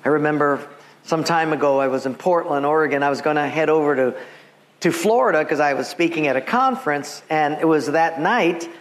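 A man's voice: fairly high pitch, fairly quick. A male pastor preaching a sermon, telling stories with humor and acting out the people in them. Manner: storytelling with humor and acted quotes.

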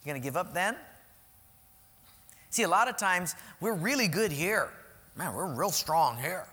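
A male pastor preaching a sermon, telling stories in an animated way that swings between loud and soft. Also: sits high, unhurried, long reverb tail.

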